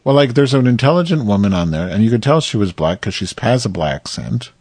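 A man's voice: fairly low pitch, lively intonation, brisk, darkish tone, breathy edge, no echo. A man co-hosting a casual podcast chat, rambling and profane, peppering his talk with "like". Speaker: podcast co-host.

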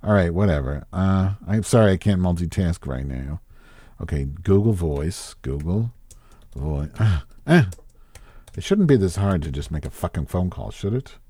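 Low, dark-voiced man griping profanely. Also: expressive, normal speed, husky, no room sound. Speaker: podcast host. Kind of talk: casual rambling monologue and phone chat.

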